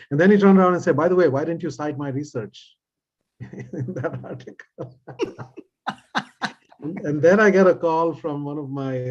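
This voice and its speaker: A male business professor telling animated anecdotes in a panel discussion over a video call. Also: medium pitch. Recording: dull lo-fi audio.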